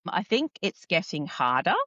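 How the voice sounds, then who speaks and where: A woman with an Australian accent gives career advice in an enthusiastic, chatty podcast conversation. Her voice is bright and forward. The sound is dry, with a slightly muffled, dull tone. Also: fairly low pitch, sing-song, normal speed, no room sound. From Scotland. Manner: enthusiastic, chatty, frequent laughs. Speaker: career counsellor guest. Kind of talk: casual podcast interview.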